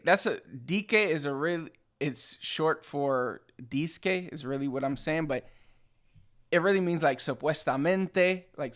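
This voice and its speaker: Dominican-born guy hosting a laid-back lesson, chatty, kinda high voice, lots of "like". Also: a bit bright. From Dominican Republic. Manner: loose and chatty, full of "like" and "you know". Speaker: Spanish teacher and channel host. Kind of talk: casual video lesson.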